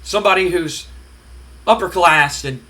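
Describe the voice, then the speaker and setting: A man's voice: high voice, measured pace, bright, forceful tone. A man voicing a stern, snobbish wealthy father who scolds his daughter with a stammer. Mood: scolding.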